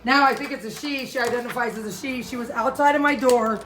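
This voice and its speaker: High voiced lady livestreaming on the street at night, rambly and over the top, bit of noise behind. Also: a bit bright. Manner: flamboyant, rambling, quick topic jumps. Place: outdoors on a downtown city street at night.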